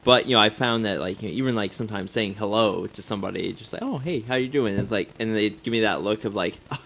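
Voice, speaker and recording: A man's voice: fairly low pitch, steady tone, fast talker, vocal fry, fairly bright tone. A man co-hosting a podcast, chatting casually and hesitantly with frequent fillers. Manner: hesitant, many fillers and restarts. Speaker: podcast host. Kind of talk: casual chat.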